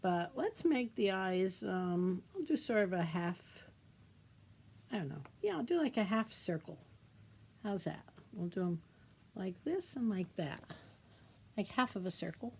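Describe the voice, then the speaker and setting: A middle-aged woman, a children's librarian, leading a storytime craft demo for kids, talking in a gentle, sing-song, teacherly way and asking the little ones questions. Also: mid-range voice, sing-song, measured pace, pauses often, breathy edge.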